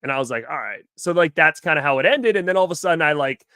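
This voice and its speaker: Bright-voiced man telling a story. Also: a little high, racing, clear, resonant tone, no echo, studio quality. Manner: animated retelling with acted-out quotes, heavy "like" fillers. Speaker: co-host. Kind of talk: casual storytelling chat.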